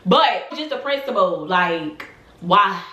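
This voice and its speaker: A woman in her twenties telling a storytime tale to her vlog audience, animated and emphatic, full of slang. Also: medium pitch, brisk, roomy sound, a little hiss or hum. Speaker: vlogger.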